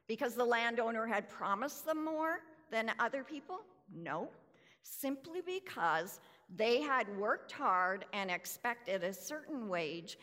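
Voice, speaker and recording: A woman preacher giving a sermon, deliberate and full of rhetorical questions. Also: on the high side, lively intonation, a bit bright. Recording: reverberant hall.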